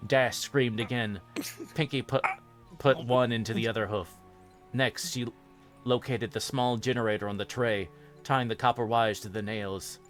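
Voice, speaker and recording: A man, the host, reading a fan fiction horror story aloud in a steady, even narration. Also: mid-range voice, moderate pace, faint music behind.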